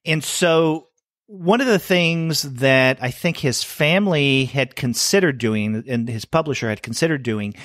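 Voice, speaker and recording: A man's voice: a little high, fairly bright tone, no room sound, clean studio sound. A middle-aged man co-hosting a podcast, chatting casually and thinking aloud with fillers and restarts. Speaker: podcast co-host. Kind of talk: casual comics review chat.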